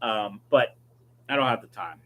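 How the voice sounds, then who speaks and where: A middle-aged man who runs a fish-breeding YouTube channel reads viewer comments on his live stream and wanders through his answers. His voice is lowish yet fairly bright, animated and moderately paced.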